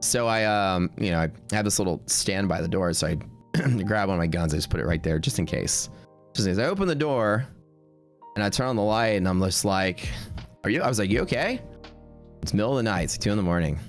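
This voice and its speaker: A streaming day-trading host tells stories casually on a livestream, rambling in a laid-back way, restarting sentences and filling gaps with "like" and "um." His voice is low, with lively intonation and a fairly quick pace, and faint music plays behind him.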